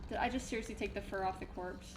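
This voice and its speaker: A woman's voice: medium pitch, steady tone, background noise. Chatty young woman with game commentary. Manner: chatty, self-mocking, quick swings between giggles and dismay. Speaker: gaming YouTuber. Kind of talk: casual let's-play commentary.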